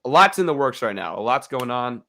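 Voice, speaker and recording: A man's voice: medium pitch, big pitch swings, brisk, bright, forceful tone. A young man hosting a casual sports podcast, laid-back and slangy, calling everyone bro. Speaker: podcast host.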